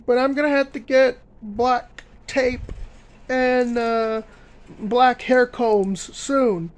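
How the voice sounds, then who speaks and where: A young man ranting in a vlog, emphatic and repetitive, filling pauses with uh and um. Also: very high voice, steady tone, poor audio. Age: young adult. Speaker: vlogger.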